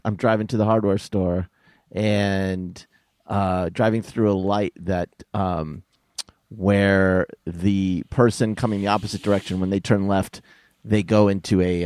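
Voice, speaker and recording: A man with a lowish voice tells a rambling, profane anecdote as a podcast guest. His sound is dry and close. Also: darkish tone, no room sound. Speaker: comedian guest. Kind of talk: casual podcast chat over video call.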